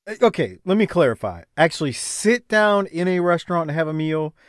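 A man hosting a podcast in casual chat, measured and quick to laugh. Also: a little high, sing-song, dry recording, studio quality. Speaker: podcast host.

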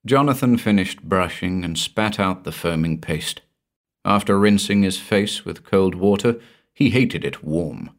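Low-voiced male narrator for a weird tale, measured, sinks soft at dark moments. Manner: measured, dropping low and soft at ominous lines. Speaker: story narrator. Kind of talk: scripted narration of a spooky tale.

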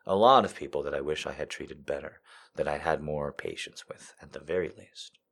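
A man hosting a live podcast, telling a story to his chat, dropping from hushed whispers to loud, profane, teasing jokes. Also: extremely low pitch, moderate pace, gravelly, slightly rough. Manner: swings from hushed whispers to loud crude joking. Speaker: livestream podcast host.

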